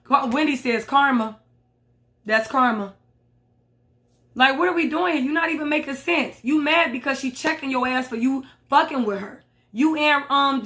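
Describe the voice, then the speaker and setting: A woman's voice: high voice, fairly bright tone. A woman recapping reality TV in a blunt, sassy, profane commentary. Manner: sassy, blunt, swears a lot. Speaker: reality TV reviewer.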